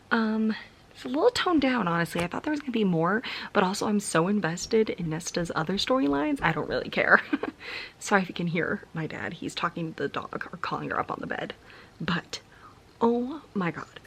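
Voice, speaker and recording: A woman's voice: mid-range voice, creaky, a bit bright, slight background noise. A young woman vlogging about a book she is reading, tired and venting in a frustrated, often whispered late-night rant. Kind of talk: casual reading vlog.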